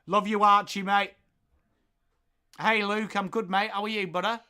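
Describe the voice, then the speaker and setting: An English man hosting a live football watchalong, calling the play and joking with chat viewers in an excitable, playful way. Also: high-pitched, normal speed, smooth. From England. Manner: excitable, jokey, bursts into loud calls of the play. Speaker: watchalong host.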